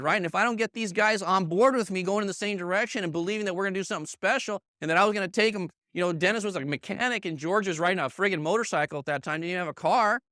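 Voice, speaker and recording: Man, middle-aged, sales team leader, motivational training, bright forceful voice, emphatic and repetitive, dry close sound. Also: high voice, dry recording. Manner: emphatic, repeats himself, checks in with "okay?" and "right?"; addresses colleagues in the room by name. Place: meeting room with a live audience.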